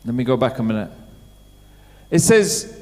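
In a church hall with long reverb, a middle-aged man preaches a sermon conversationally, putting questions to the congregation. His medium-pitched voice is mellow and sing-song, at a moderate pace.

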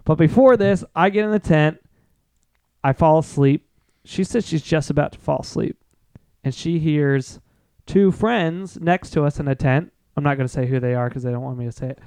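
A young man with a high, smooth voice tells a messy camping story to friends, swearing freely and acting out the lines of everyone involved. The sound is close and dry. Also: normal speed, dry recording. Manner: swearing, animated retelling. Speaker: podcast co-host. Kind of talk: casual storytelling chat.

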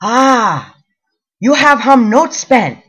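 A woman's voice: high voice, lively intonation, a little slow, a bit bright, pitched above the performer's own voice, full character voice, low-quality recording. A woman voicing a brusque woman loan officer with a thick accent, speaking in clipped, broken phrases. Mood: curt, insistent.

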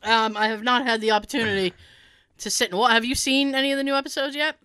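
A woman's voice: on the high side, fast, clear, resonant tone, no room sound. A middle-aged woman co-hosting a casual chat, telling stories with lots of laughs and the odd swear word. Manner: animated storyteller who laughs often and swears. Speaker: podcast co-host.

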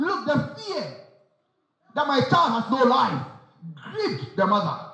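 A man's voice: high voice, a bit bright. A man preaching a sermon, emphatic, firing off rhetorical questions and repeating phrases. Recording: very echoey, dull sound.

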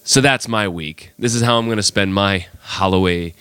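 A man's voice: lowish voice, normal speed, fairly bright tone, smooth, dry recording. A man hosting a casual podcast, sick with a cold, telling his story in a chatty, exasperated way. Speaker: podcast host.

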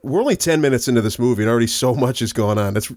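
A man's voice: medium pitch, animated, racing, darkish tone, no room sound, clean studio sound. A man casually recapping a film on a podcast, laughing and acting out quoted lines as he goes. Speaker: podcast co-host. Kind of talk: casual movie recap chat.

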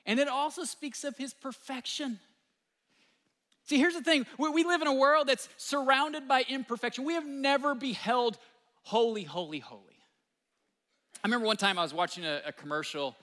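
A man preaches with an animated, chatty delivery, his voice high for a man and bright in tone. His words ring out through the long reverb of a large hall. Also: moderate pace. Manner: animated, conversational preaching with many fillers. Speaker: pastor. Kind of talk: sermon.

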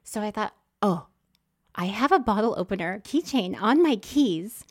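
In a casual chat, a woman tells a personal story at normal speed with an expressive, medium-pitched voice. She acts out her own thoughts, swinging from hushed whispers to sudden loud exclamations.

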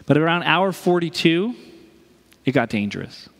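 A man's voice: fairly high pitch, very animated, normal speed, long reverb tail. A male pastor delivering a conversational sermon, telling a story and acting out the voices of the people in it.

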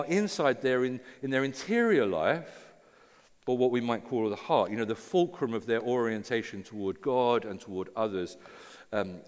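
A man's voice: medium pitch, in a large hall. A man preaching a sermon as pastor, in an informal, conversational way with many fillers and restarts.

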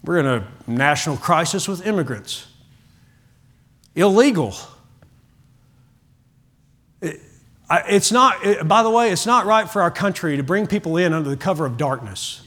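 A middle-aged man preaching a sermon to his church, telling animated stories and often repeating words as he starts a line. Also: fairly high pitch, moderate pace, long pauses. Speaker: pastor.

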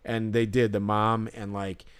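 A man's voice: lowish voice, level tone, measured pace, smooth. Rambling, foul-mouthed podcast co-host guy. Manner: rambling, swears often, heavy use of "like". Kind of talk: casual storytelling chat.

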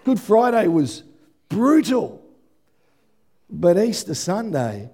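A male pastor delivers an animated sermon in a high-pitched voice, climbing to shouts at the peaks and dropping into quick asides.

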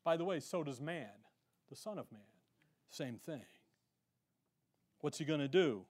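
High-voiced energetic male Bible teacher. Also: measured pace. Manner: energetic, punchy rhetorical questions, reads scripture aloud. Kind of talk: verse-by-verse Bible lesson.

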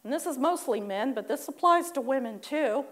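A woman's voice: sits high, lively intonation, moderate pace. A woman preaching a sermon in a chatty way, acting out complaining churchgoers and laughing at her own asides.

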